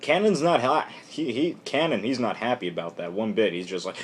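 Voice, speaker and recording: A man casually recapping a comic book issue on camera in a rambling, irreverent, animated way. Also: mid-range voice, moderate pace, few pauses, husky.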